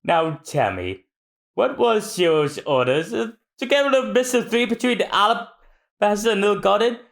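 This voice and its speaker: Man doing a lowered, gruff villain agent, slow and lively. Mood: gruff, interrogating. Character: brash male villain agent.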